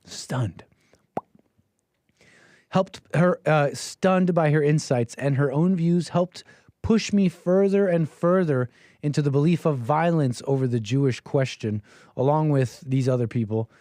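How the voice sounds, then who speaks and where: A man with a slightly high, dark-toned voice hosts a call-in show, reading text aloud and reacting with casual, mocking disbelief. He chuckles often. There's no room sound.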